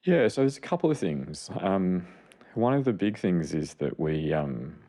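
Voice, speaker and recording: Man, very low voice, earnest rambling podcast explainer. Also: very animated, unhurried, warm tone. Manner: earnest, rambling, with self-correcting asides. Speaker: podcast co-host, child clinician. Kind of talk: casual explanatory chat.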